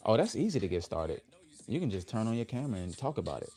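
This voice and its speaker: Mellow-voiced man hosting a motivational livestream. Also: on the low side, very animated, fast. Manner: upbeat, repeats affirmations with the audience. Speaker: livestream host.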